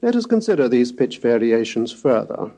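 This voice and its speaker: A man delivers a recorded scholarly lecture in a mellow, dark-toned voice. He speaks precisely and deliberately, sounding out rises and falls in pitch to illustrate his points. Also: very animated. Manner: measured, precise, demonstrates pitch glides aloud.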